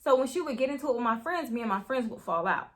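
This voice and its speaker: A young woman telling a story in a casual, animated way. She swears freely and keeps talking straight to her viewers. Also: fairly high pitch, fast talker. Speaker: storytime vlogger.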